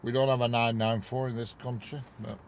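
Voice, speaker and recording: A man from the north of England runs a railway livestream from his parked car near a railway bridge, chatting in a rambling way and greeting viewers by name. He speaks fairly quickly in a level, medium-pitched voice. Slight background noise comes through the wireless clip-on mic in the car.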